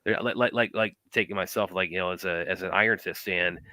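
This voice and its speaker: A man with a very low voice talks fast and bright, tripping over restarts and fillers. He is chatting casually on a podcast panel, and the sound is dry and close. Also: fairly even intonation, dry recording. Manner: quick, with many restarts and fillers.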